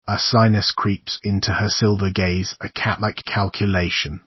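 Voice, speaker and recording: A man narrates a horror audiobook in a measured, somber way. His voice is deep and husky. The recording is dry and dull. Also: flat delivery, dry recording.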